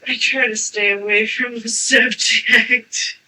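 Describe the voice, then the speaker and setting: Giggly young woman, bright voice. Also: a little high, steady tone, slow, a little hiss or hum, low-quality recording. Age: young adult. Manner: giggly, light. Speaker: guest at a channeling session. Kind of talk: casual chat.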